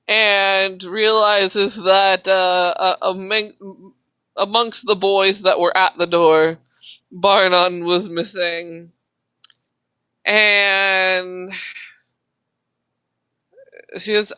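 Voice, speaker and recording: A woman narrates a tabletop game as dungeon master, slow and halting, filling pauses with ums. Her voice is bright and smooth. It sounds dull and dry, recorded close on a home mic. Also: medium pitch, steady tone, no echo. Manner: unhurried, halting narration with fillers.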